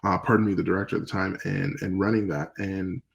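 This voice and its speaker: A man from Canada, a podcast guest, telling stories in a relaxed, rambling way with fillers, acting out old phone calls. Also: low-pitched, quick pace, vocal fry, poor audio. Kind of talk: casual storytelling interview.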